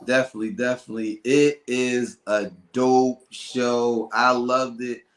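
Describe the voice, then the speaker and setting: A man hosting a casual podcast chat, animated and loose with slang, often laughing. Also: medium pitch, a little slow, reverberant, poor audio. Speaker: podcast host.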